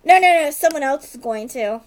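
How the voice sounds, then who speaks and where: A woman with a high, bright-sitting voice chats casually as a podcast co-host. She tells the story in a loose, rambling way, stringing events together with "like" and quick asides. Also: expressive, slight background noise. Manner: rambling retelling, heavy use of "like", quick asides. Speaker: podcast co-host recapping a TV episode. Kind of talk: casual chat.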